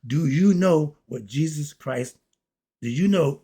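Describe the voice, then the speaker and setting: A man lecturing about spirituality, asking and answering his own questions, with quiet asides and loud excited bursts. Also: fairly high pitch, slow, slightly rough. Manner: preachy, talks straight at the audience, asks and answers his own questions. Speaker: host.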